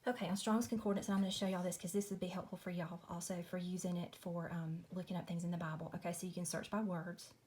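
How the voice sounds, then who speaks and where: A woman's voice: fairly low pitch, flat delivery, fast, few pauses, darkish tone, slight background noise. A woman, chatting casually through a Bible study at home at night, apologetic and friendly, saying y'all. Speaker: Christian video host.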